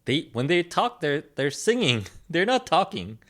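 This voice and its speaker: A man's voice: fairly high pitch, sing-song, measured pace, a bit bright. A man hosting a podcast in casual chat, joking and laughing often. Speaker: podcast host.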